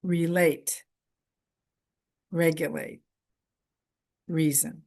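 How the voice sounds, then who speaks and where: Slow, low-voiced woman lecturing. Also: little pitch movement, darkish tone. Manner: slow, deliberate, repeats key phrases in short lists. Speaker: workshop presenter. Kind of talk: conference lecture.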